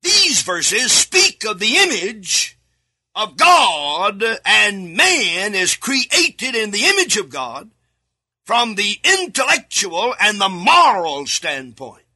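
A man preaching a sermon alone in a studio, reading scripture aloud and repeating key words, sometimes breaking into shouts. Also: high voice, huge pitch swings, slow pace, slightly rough. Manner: reads scripture aloud with verse references.

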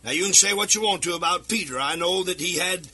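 Fervent husky-voiced male preacher. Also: high-pitched, fast, faint music behind. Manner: fervent, rising to shouts and sing-song cadences. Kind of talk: sermon. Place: radio broadcast. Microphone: speaking into a microphone.

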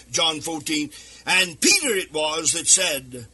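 Male radio preacher, high-pitched and husky, fervent delivery swinging into shouts and sing-song. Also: big pitch swings, a little slow. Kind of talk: sermon. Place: radio broadcast. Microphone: speaking into a microphone.

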